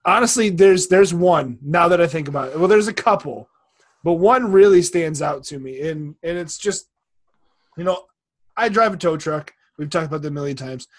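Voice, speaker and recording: Young man, husky, slightly high, loose rambling talker who swears and laughs a lot. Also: expressive, normal speed. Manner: laughs often, swears freely, rambling storyteller. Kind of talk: casual chat.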